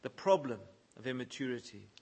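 A man's voice: medium pitch, expressive, brisk, darkish tone, slightly rough. A man preaching a sermon, reading scripture verses aloud and pressing his listeners with earnest questions. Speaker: pastor.

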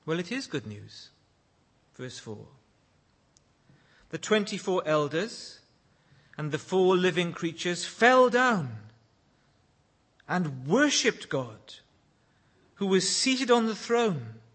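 A man's voice: big pitch swings, slow, long pauses. A man preaching a sermon, leading prayer and reading scripture aloud in an earnest way. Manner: earnest, rising to loud exclaims when quoting praise; leads prayer in a hushed, low voice.

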